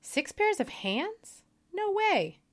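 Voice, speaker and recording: A woman voicing a gentle, skeptical female angel while reading a story aloud. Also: a little high, big pitch swings, normal speed. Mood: incredulous.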